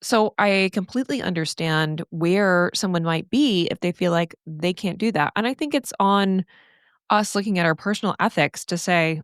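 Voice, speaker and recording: A middle-aged woman hosts a solo podcast, talking to her listeners in an earnest, candid and animated way. Her voice sits slightly low for a woman. The recording is dry and close, with no room sound. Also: normal speed, dry recording. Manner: earnest, candid, animated, casual swearing and laughs. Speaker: podcast host and therapist coach.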